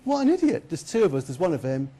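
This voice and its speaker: A man's voice: medium pitch, expressive, fast talker, dark tone, natural voice. A man voicing a scheming young medieval man who gushes tearfully over a friend, then plots against him in a sly tone.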